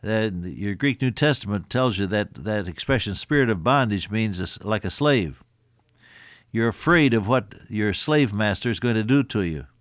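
An older man gives a folksy, earnest sermon in a fairly low voice. He leans on rhetorical questions and stops now and then to clear his throat. The sound is dry and close, with no room echo. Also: expressive, normal speed. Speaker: radio Bible teacher.

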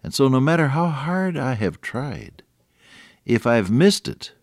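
A man's voice: mid-range voice, very animated, a little slow, no room sound, clean studio sound. A man delivering a radio sermon, telling stories in a conversational way that builds to earnest, emphatic points. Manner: earnest, rises to emphatic peaks; conversational, with chuckles and restarts. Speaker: radio preacher.

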